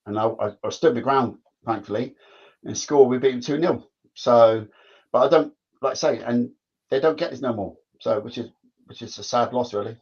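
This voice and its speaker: A man's voice: medium pitch, normal speed, darkish tone, slightly rough. A man, a former footballer telling stories in casual chat, rambling and repeating himself. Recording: dull lo-fi sound.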